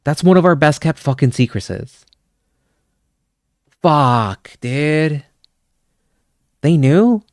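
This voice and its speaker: A man's voice: fairly high pitch, expressive, drawn-out words, long pauses, a little mellow, no room sound, studio quality. A man streaming, chatting casually with his viewers, rambling and swearing as he goes. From Canada. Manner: rambling, swears often, chuckles.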